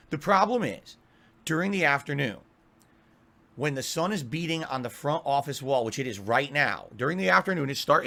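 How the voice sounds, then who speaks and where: A man's voice: on the high side, gravelly. A man streaming from his home office, ranting in a profane, exasperated way. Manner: profane, exasperated, lively complaining.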